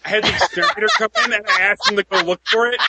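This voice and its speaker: A young man talks on a podcast in a quick, bright, slightly husky voice. He rambles nervously and piles one worry on the next. The chat is casual and loose. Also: high-pitched. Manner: anxious, rambling storytelling. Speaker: podcast regular.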